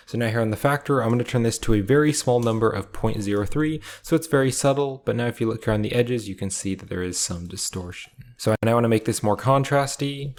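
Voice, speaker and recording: A man narrating a step-by-step software tutorial in a calm, methodical way, explaining each click as he goes. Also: lowish voice.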